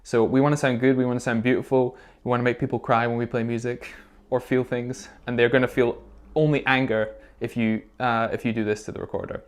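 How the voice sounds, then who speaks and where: A man at a middle pitch, teaching recorder to young children in a lesson video. He walks through each step patiently and keeps encouraging the kids. He checks in with a quick "okay?" every few phrases. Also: level tone. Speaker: music teacher.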